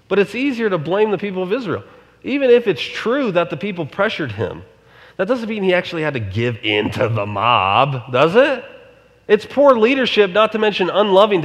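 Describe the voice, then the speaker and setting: A man's voice: fairly high pitch, in a large hall. A male pastor preaching a sermon in a conversational way, often asking the congregation rhetorical questions.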